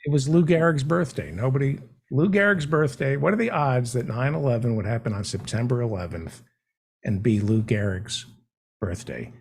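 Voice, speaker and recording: A man hosting a comedy talk show, joking in a deadpan, mock-naive way. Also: medium pitch, normal speed, gravelly, husky. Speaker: show host.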